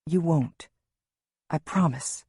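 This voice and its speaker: A woman voicing a firm, steady policeman. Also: low-pitched, a little slow, slightly rough, no echo, studio quality. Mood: firm, reassuring. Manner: firm, reassuring, quietly urgent. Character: tense, steady male police officer, family friend.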